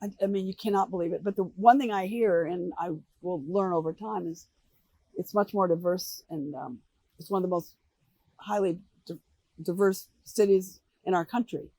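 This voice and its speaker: An older American woman answering interview questions, telling animated stories and acting out the voices of people she quotes. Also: on the low side, normal speed, no room sound. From United States. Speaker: interview guest. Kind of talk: relaxed storytelling interview.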